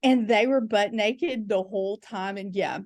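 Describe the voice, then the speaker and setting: A woman with a medium-pitched, slightly mellow voice talks a little slowly as a podcast guest, telling frank comic stories. Filler words and quoted voices run through her chatty storytelling, recorded in a clean studio with no echo.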